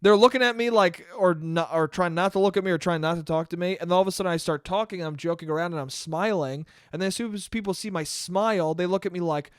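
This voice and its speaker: A man's voice: high voice, quick pace, dry recording, studio quality. A young man hosting a solo podcast, telling a rambling, profane, self-deprecating story in a casual monologue. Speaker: podcast host.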